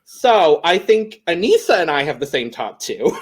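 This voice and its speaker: A man's voice: a little high, very animated, a little slow, breathy edge. A man co-hosting a podcast in casual chat, laughing often and wrapping up the episode. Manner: chatty, laughs often, wraps up the show. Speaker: podcast co-host.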